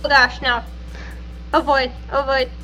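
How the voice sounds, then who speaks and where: A woman's voice: sits high, level tone, a little slow, sharp tone, soft background music, low-quality recording. A woman chatting casually during a game stream, giving short replies and laughing often. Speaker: co-player on a stream. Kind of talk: casual chat while gaming.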